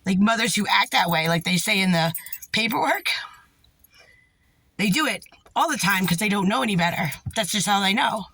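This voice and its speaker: Angry, husky-voiced woman ranting. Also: medium pitch, lively intonation, a little fast, fairly bright tone, no room sound. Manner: heated, profane, rambling. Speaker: parent. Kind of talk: angry direct-to-camera rant.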